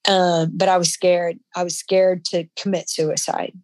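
Low-voiced woman telling her story haltingly. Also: flat delivery, a little mellow, dry recording. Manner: halting, emotional, frequent restarts. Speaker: guest. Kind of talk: personal story in an interview.

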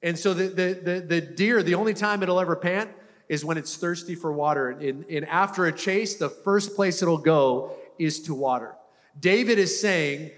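Male pastor, high voice, casual repetitive preaching, church hall echo. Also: normal speed, fairly bright tone. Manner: repetitive, conversational preaching with frequent restarts. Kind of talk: sermon. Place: church hall before a congregation. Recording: long hall reverb.

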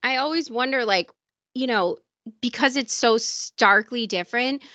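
A woman co-hosts a podcast chat in a bright, fairly high voice, stressing her points firmly. The sound is dry and close, with no room echo. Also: measured pace. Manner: emphatic, opinionated. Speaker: podcast co-host. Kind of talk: casual chat.

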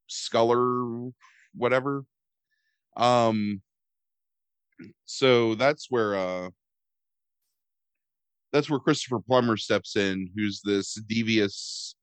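A man's voice: lowish voice, no room sound. A man chatting casually as a podcast host about a movie, rambling and sarcastic, swearing and filling gaps with "um" and "like.". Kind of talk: casual chat.

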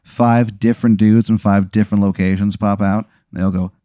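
A man's voice: on the low side, fairly even intonation, a little fast, warm tone, no echo, clean studio sound. A man hosting a podcast, improvising a rambling comedic story with many fillers and restarts. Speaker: podcast host.

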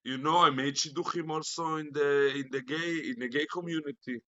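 A young Israeli man, a native Hebrew speaker, rambles playfully through a casual chat and circles back over his words. His voice is bright and hard-edged, and it comes through a muffled video call. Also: fairly high pitch, fairly even intonation, a little fast. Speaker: guest.

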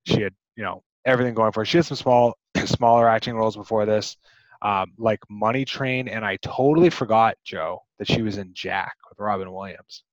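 A man's voice: on the low side, brisk, no echo, lo-fi sound. A man co-hosting a podcast, chatting casually about a movie, rambling with many restarts and fillers. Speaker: podcast co-host.

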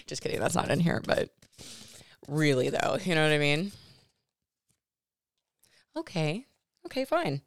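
A woman in her thirties talks about her own life as a podcast host, stopping and restarting often as she searches for words. Her voice sits low with a gravelly fry, and the recording is dry and close. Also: sing-song, dry recording. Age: 30s. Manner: halting, many restarts and fillers. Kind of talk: emotional personal talk.

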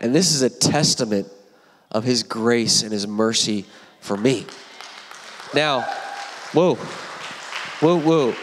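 A man in his forties preaching a heartfelt sermon as a guest preacher, animated and emotional, with asides to the congregation. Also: medium pitch, slow, long pauses, a faint crowd. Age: 40s. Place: church sanctuary. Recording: long church hall reverb.

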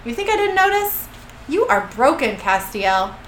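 A smug, cornered angel scribe, a man who taunts those above him, read out by a woman. The voice is fairly high and very lively. It has a bright edge and sits in an echoey room. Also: moderate pace, slight background noise. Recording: echoey room with faint ambience.

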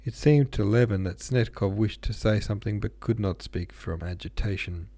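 Man reading a novel aloud, low mellow voice, dry close sound, small slips. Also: normal speed, dry recording. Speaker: audiobook reader. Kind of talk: informal read-aloud of a classic novel.

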